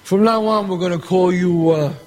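An actor playing a middle-aged gangster boss who runs a dice game. He is loud and bossy, and he swears and throws insults around freely. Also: high voice, fairly even intonation, moderate pace, close to an everyday voice. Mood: boisterous. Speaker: mob boss at a craps game. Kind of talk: film dialogue. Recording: echoey hall sound with faint ambience.

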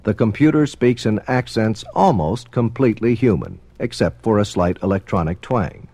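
A man narrating a formal documentary in a measured, explanatory manner. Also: fairly low pitch, husky, no room sound. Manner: measured, explanatory, expressive intonation.

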